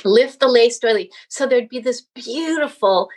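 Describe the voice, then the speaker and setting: A woman's voice: on the high side, normal speed, breathy edge. A woman being interviewed as a guest, chatting casually and reminiscing at length with plenty of fillers.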